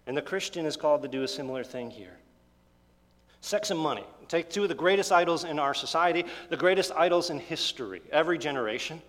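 A male pastor preaching with earnest emphasis, his voice sitting a little high for a man. He presses on key words and pauses between phrases. The sound hangs in a long hall reverb. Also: lively intonation, a bit bright. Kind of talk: sermon.

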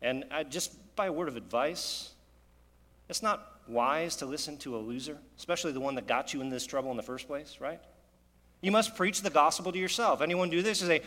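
A man's voice: on the high side, a little fast, sharp tone, big-room sound. A man preaching a sermon in an earnest, conversational way, often asking his listeners rhetorical questions. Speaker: pastor.

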